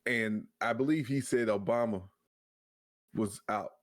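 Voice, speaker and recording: A man's voice: lowish voice, a little slow. A man co-hosting a casual podcast, mostly chiming in with short agreement and dry asides, on a headset mic. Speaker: podcast co-host.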